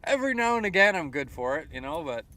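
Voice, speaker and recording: Out by the water at sunrise, this young Canadian fishing streamer talks quickly in a fairly high voice, with a Canadian accent and slight background noise. He's laid-back and chatty, using plenty of fillers as he reads out messages from his viewers and responds to each.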